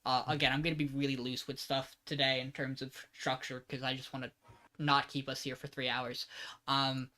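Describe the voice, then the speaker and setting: A podcast host with a bright, forceful tone talks through an anime episode in a loose, rambling way. The speaker slips into the characters' lines with lively energy. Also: mid-range voice, normal speed. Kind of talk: casual anime recap podcast.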